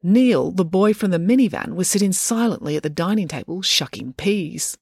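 A woman's voice: on the low side, animated, moderate pace, gravelly, a little mellow, breathy edge, dry recording, studio quality. Woman reading a children's story aloud. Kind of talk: storybook read-aloud narration.

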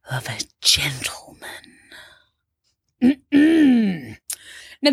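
A woman's voice: deep voice, husky, dry recording, heavily acted. An actress playing a brash, gushing Yorkshire mother who turns rude in a flash, in a comedy sketch monologue. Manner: gushing, breathless, sudden swearing.

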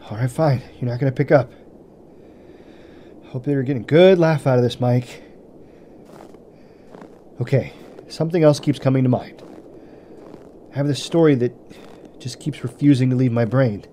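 A man's voice: mid-range voice, dark tone, lightly acted. Guy doing a jumpy psychologist hunter alone in the woods, stammers, talking himself down, bit of faint hiss behind. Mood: uneasy. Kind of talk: audio drama acting.

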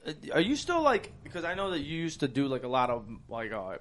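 A man's voice: fairly high pitch, huge pitch swings, fairly quick, a bit bright. Casting: casual male podcast co-host, profane joking banter, faint hiss and clicks behind. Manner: loose, profane, laughing banter. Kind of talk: casual chat.

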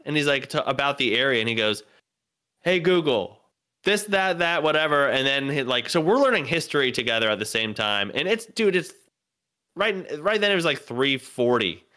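Bright, crisp-voiced comedian rambling through a story. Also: male voice, mid-range voice. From North Carolina, USA. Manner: rambling, profane, lots of filler words. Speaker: comedian and podcast co-host. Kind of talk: casual storytelling.

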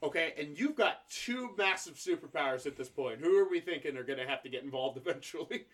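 Male podcast co-host, somewhat high voice, casual swearing storyteller. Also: lively intonation, a little fast, fairly bright tone. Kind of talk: casual history podcast chat.

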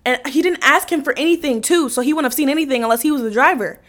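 A young woman hosting a podcast, telling a story in a casual, animated way, swearing and acting out the quotes. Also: high-pitched, quick pace. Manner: animated, profane, acts out quotes with laughs. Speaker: podcast host.

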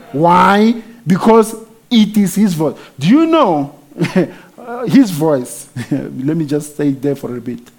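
Male preacher with a high voice delivering an emphatic sermon, with hallelujahs and amens throughout. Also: darkish tone. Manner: emphatic, frequent hallelujahs and amens, rising to exclamations.

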